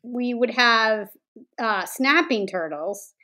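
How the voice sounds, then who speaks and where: A woman's voice: on the high side, expressive, slow pace, sharp tone. A woman co-hosting a casual podcast, joking and playful in her asides. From Vermont. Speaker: podcast co-host. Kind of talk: casual chat.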